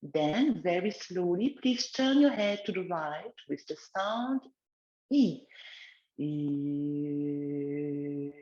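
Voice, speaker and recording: Slow, gentle woman guiding a relaxation exercise. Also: medium pitch, animated, roomy sound, dull audio. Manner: slow, gentle guiding of breathing and neck movements. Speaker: wellness instructor. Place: outdoors in the countryside, chickens nearby.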